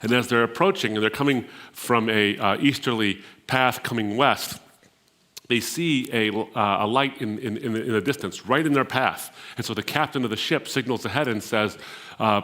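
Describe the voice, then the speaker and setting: A man's voice: mid-range voice, normal speed, pushed and bright. A middle-aged man from the Middle East giving a sermon, telling a story and building to emphatic peaks, sometimes repeating words as he finds the next phrase. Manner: storytelling, rising to emphatic peaks on key points. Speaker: speaker at a Christian gathering.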